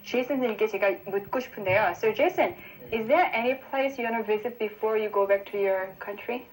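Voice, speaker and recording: A woman hosting a broadcast English lesson, explaining grammar briskly and switching between two languages. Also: a little high, a little hiss or hum, low-quality recording.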